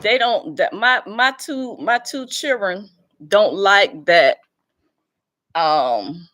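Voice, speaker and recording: A woman's voice: mid-range voice, lively intonation, slow pace, a bit bright. A woman hosting a casual live stream from home into a laptop, talking bluntly and with some profanity, teasing and chatty.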